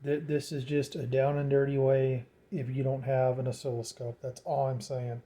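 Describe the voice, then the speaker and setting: A man walks through a radio setup in a loose, rambling way, stumbling over repeated words and filling gaps with "you know." His voice sits dark and mellow, in an ordinary middle pitch. It sounds like a home workshop recording. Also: flat delivery, normal speed. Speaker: radio hobbyist explaining setup. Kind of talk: casual how-to tutorial.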